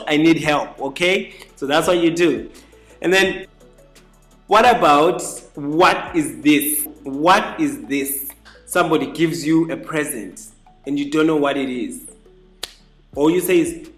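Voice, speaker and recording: A man teaching a casual spoken lesson, repeating each phrase slowly and adding chatty asides. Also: fairly high pitch, fairly bright tone. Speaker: language teacher. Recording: echoey room with faint music.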